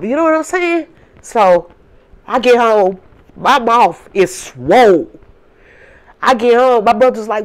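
A woman's voice: a little high, animated, a little slow. A woman with a St. telling a story in casual talk, blunt and swearing freely. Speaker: vlogger.

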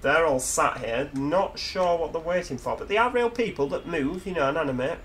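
A man's voice: on the high side, lively intonation, normal speed, a bit bright, slight background noise. A man with a Yorkshire accent giving casual, joking commentary over a driving game and poking fun at himself along the way. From Yorkshire, England. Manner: chatty, jokey, self-mocking asides. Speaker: gaming video host.

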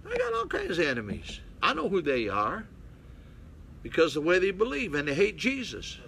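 Blunt older male pastor, bright voice. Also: high voice, huge pitch swings, moderate pace, vocal fry, a little hiss or hum. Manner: blunt, calls out to listeners. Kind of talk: folksy preaching Bible study. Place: small mission hall.

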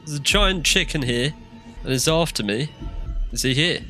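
A man's voice: fairly high pitch, moderate pace, pauses often, sharp tone, faint music behind. A young man giving jittery let's play commentary on a horror game, shrieking when scared. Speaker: gamer.

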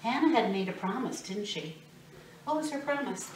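A woman teaching children, telling a Bible story in an animated, expressive way and asking the kids questions. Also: fairly high pitch, moderate pace. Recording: roomy, distant mic, faint noise.

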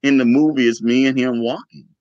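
A man's voice: medium pitch, brisk, no echo. A man telling an emotional personal story as an interview guest and acting out the dialogue. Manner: emotional, animated, acts out dialogue. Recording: dull lo-fi, dry.

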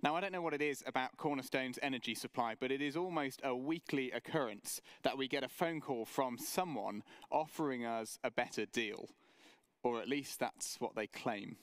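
A man preaching a sermon for an online church service, measured and earnest, with story-telling asides. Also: mid-range voice, a bit bright, dry recording. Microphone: camera mic, online service.

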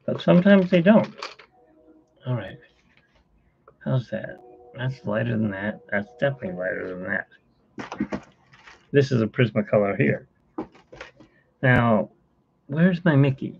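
A man's voice: mid-range voice, animated, unhurried, vocal fry, pauses often, muffled recording, a little hiss or hum. A middle-aged man hosting a casual live stream from home, rambling and chuckling as he talks to viewers while he sketches. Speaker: host.

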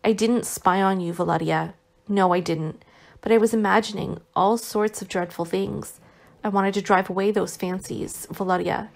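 A woman's voice: medium pitch, fairly even intonation, moderate pace, vocal fry, close to an everyday voice. A woman voicing an anxious, devoted young wife who pleads earnestly, in an audiobook reading. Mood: pleading.

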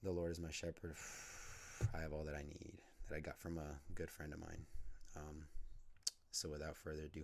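A man with a hoarse voice from a cold, talking loosely with many fillers and praying aloud. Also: very deep voice, monotone, moderate pace, darkish tone. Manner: unscripted, rambling, many fillers. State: lost voice from a cold. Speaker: Christian vlogger. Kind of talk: casual talk and spoken prayer.

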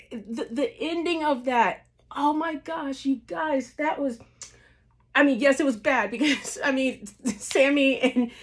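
A woman hosting her own wrestling channel, giving a casual reaction recap, gushing and excitable, full of fillers and little laughs. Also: high voice. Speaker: wrestling video host.

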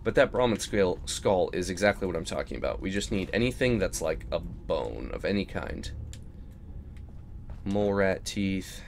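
A man giving casual let's-play commentary on a video game, excitable and swearing freely, sometimes breaking into silly squeals. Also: low voice, normal speed, a little hiss or hum. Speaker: gaming YouTuber.

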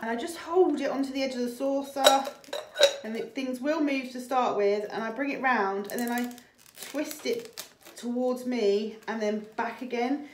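A woman with a husky voice talks casually, with plenty of ums and likes, as she walks through how she packs and stores her stock. The sound is roomy and echoey, with a faint hiss underneath. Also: fairly high pitch. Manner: chatty, fillers like um and like. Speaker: reseller vlogger. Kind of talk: casual chat and demonstration.

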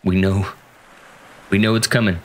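A gaming channel host gives casual commentary on a horror game, joking playfully and talking to the characters. His voice sits low, with a flat delivery at normal speed.

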